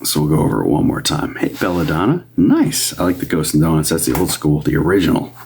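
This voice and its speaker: Low-voiced man chatting on a livestream. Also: fast, vocal fry, slight background noise. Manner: chatty, greets viewers in a higher upbeat voice; drops to a soft whisper at times. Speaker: medium doing live readings. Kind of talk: casual livestream chat.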